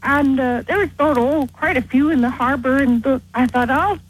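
A woman from Canada calling in to a radio show, telling her story in a halting, hesitant way. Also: high voice, slightly rough, poor audio. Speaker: caller. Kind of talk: phone-in chat.

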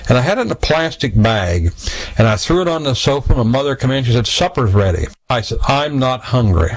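A man's voice: medium pitch, fast, no room sound. A man in his sixties telling his own story, acting out the voices of the people in it. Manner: animated, acts out voices in his anecdotes. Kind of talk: personal storytelling.

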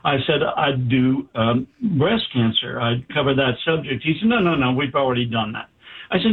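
Husky man telling stories over a tinny line. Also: medium pitch, moderate pace. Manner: animated, acts out quoted dialogue. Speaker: doctor, interview guest. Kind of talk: anecdotal storytelling.

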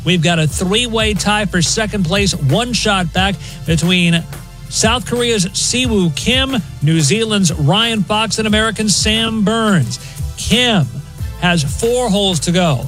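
A man anchoring a sports news update on a talk show, brisk and joking. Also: high-pitched, fairly bright tone, soft background music, rough recording. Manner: brisk, joking, briefly puts on a mock British accent.

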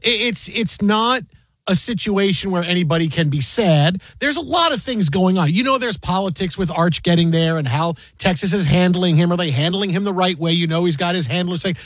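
A man's voice: sits high, a little fast, fairly bright tone, no room sound. A man co-hosting a sports radio show, arguing his points emphatically in a studio. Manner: emphatic, argumentative. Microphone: studio mic.

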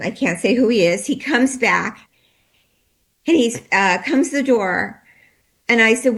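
Shaken woman telling a story haltingly. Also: fairly high pitch, a bit bright. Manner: halting, hesitant, many restarts and fillers. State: shaken, trembling. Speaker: interview guest. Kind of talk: recounting a personal experience.

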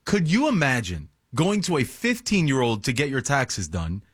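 Male co-host, husky, lively pitch, quick questions, restarts a lot. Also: no echo, clean studio sound. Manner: excitable, questioning, stumbles over words. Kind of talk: casual on-air banter.

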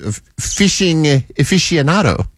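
A man's voice: on the high side, big pitch swings, unhurried, breathy edge, no room sound, clean studio sound. A man co-hosting a casual talk show, tossing in playful, jokey interjections. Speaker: co-host. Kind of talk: casual banter.

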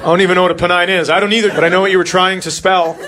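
Stand-up comic, forties, male, dry storyteller, slightly high voice, big crowd laughter. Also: level tone, racing, sharp tone. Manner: dry storytelling, acts out his son's voice. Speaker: stand-up comedian. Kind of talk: stand-up comedy set. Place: comedy club stage. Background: audience laughing.

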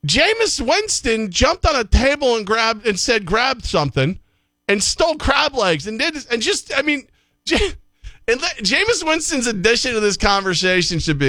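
Animated rambling middle-aged man. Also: high-pitched, normal speed, no echo, studio quality. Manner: rambling, animated, restarts often. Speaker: sports show co-host. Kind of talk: casual sports talk.

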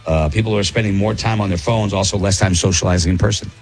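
A man's voice: low voice, steady tone, fast talker, soft background music. A man hosting a casual morning radio show, rambling along in an easygoing way with plenty of fillers.

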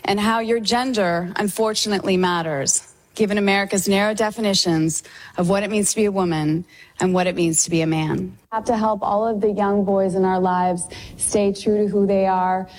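A woman speaking in a played clip, earnest and measured as she explains her view. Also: mid-range voice, steady tone, a little mellow, rough recording. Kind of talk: earnest advocacy speech.

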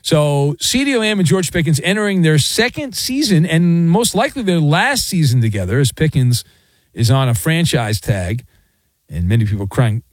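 A man hosts a sports talk show in a lively, bouncing voice that sits a little high. He riffs playfully and leans hard into sarcasm. The sound is dry and close, with no room around it. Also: moderate pace, no echo. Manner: animated, playful riffing and sarcasm.

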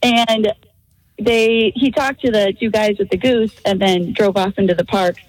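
A woman's voice: mid-range voice, fairly even intonation, a little slow, no echo, poor audio. A woman calling a radio show and telling a story in a breathless, self-mocking way. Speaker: caller. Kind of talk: phone-in storytelling.

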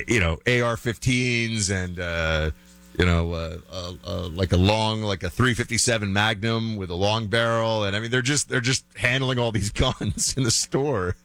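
A man's voice: sits low, a bit bright, dry recording. A man hosting a talk show, giving chatty, opinionated commentary full of fillers and restarts.

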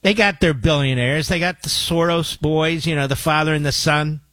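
A man's voice: on the high side, moderate pace, a bit bright, no room sound. A man hosting a talk radio show, delivering a combative, sarcastic monologue with mocking asides to his producer. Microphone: studio microphone.

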